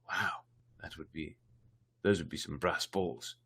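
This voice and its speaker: A man's voice: low voice, a little slow, sharp tone, husky. A man reading a fairy tale aloud on a livestream, breaking in with wry, irreverent asides. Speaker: storyteller.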